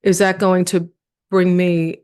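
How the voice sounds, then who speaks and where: A woman's voice: lowish voice, slow, clear, resonant tone. A woman from New York, a comedian guest on a podcast, telling stories in casual chat and acting out the voices of the people she quotes. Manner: animated storytelling, acts out quoted dialogue.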